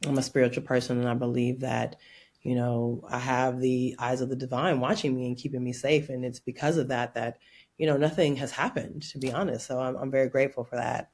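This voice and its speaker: A woman from Oakland, California, a podcast guest telling stories in an animated, playful way and laughing often. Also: a bass voice, husky. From Oakland, California, USA. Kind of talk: casual interview chat.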